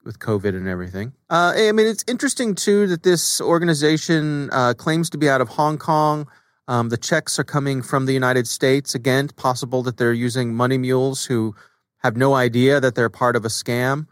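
A man's voice: medium pitch, normal speed, clean tone, dry recording, clean studio sound. A man co-hosting a podcast, chatting casually with frequent fillers about scams. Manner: relaxed, conversational with frequent fillers. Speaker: podcast co-host. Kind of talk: casual chat.

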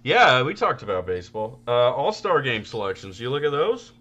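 A man co-hosting a casual podcast, telling animated stories with loud, laughing outbursts. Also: mid-range voice, moderate pace, dull audio. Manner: animated storytelling, bursts into loud laughing shouts. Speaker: podcast co-host.

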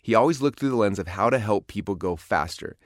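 A man reading his own book aloud as an audiobook in a recording studio, brisk and earnest. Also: lowish voice, animated, dry recording. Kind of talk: audiobook narration.

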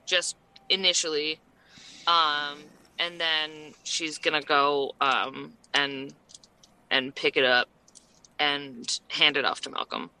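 A woman's voice: low-pitched, steady tone, bright, forceful tone, clean tone. A woman playing in a tabletop game, speaking hesitantly with many fillers. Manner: slow, hesitant, lots of ums. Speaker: player. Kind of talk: casual tabletop play.

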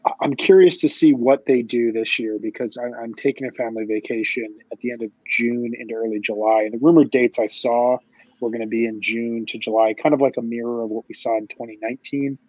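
A man's voice: mid-range voice, steady tone, fairly quick, a little mellow, breathy edge, no echo, lo-fi sound. A man hosting a podcast, chatting casually in a rambling way with many restarts and fillers. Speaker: podcast host. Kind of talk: casual chat.

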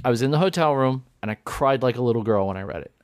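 A man hosting a podcast in casual chat, animated and rambling with restarts. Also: mid-range voice, fast, no room sound, clean studio sound. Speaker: podcast host.

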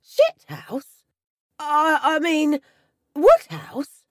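Storybook role: a high, loud, stammering politician, put on by a woman, rattled and jumpy. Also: wildly swooping pitch, extremely slow, no echo, studio quality, heavily acted. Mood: incredulous. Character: nervous, stammering male politician. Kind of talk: storybook reading.

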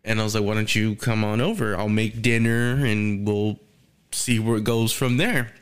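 A man's voice: fairly low pitch, fairly even intonation, normal speed, clean tone. A young man telling a rambling, crude story in casual podcast chat, swearing and laughing often. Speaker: storyteller guest.

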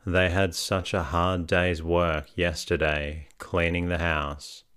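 Man doing a sweet patient young woman from an old storybook, soft soothing words, low slow voice. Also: level tone, smooth, dry recording, studio quality. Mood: gentle. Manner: soothing, tender. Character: gentle, patient young woman caring for her sister.

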